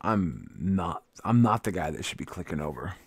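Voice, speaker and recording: A man's voice: low voice, sing-song, normal speed, creaky, breathy edge, dry recording. A tired man rambling and joking about himself as he chats casually with viewers on a live stream. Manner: rambling, self-mocking, swearing. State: tired and grumpy. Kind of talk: casual livestream chat.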